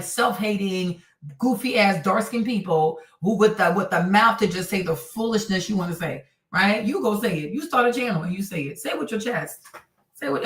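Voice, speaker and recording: A woman's voice: medium pitch, fairly bright tone, distant mic. Sarcastic, profane woman ranting in a roomy space. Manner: blunt, profane, sarcastic, laughing. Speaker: livestream host. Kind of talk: casual commentary rant. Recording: roomy sound, voice off-mic.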